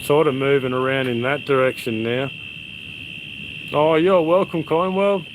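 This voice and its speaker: A man's voice: medium pitch, unhurried, noisy background. A middle-aged Australian man, a livestream host, rambling through stories and chatting casually with his viewers outdoors at night. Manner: rambling, laid-back storyteller, matey. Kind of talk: casual chat with live viewers. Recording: crickets and insects chirping behind.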